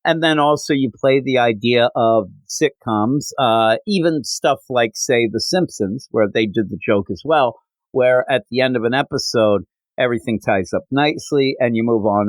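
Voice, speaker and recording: Male podcast host, chatty comic-book recap, mid pitch, dry close sound. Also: no echo, low-quality recording. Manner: animated recap, frequent fillers. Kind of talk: casual comic book review.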